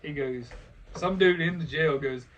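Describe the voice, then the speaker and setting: A man's voice: a little high, measured pace, fairly bright tone, muffled recording. A young man, telling profane, laughing stories in a casual podcast chat. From Louisiana, US. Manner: laid-back, profane, laughing storyteller. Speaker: podcast host. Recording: distant mic with faint noise.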